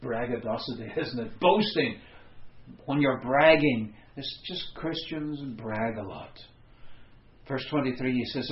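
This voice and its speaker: A man's voice: medium pitch, measured pace, reverberant, dull audio. A man preaching an expository sermon, conversational with wry asides.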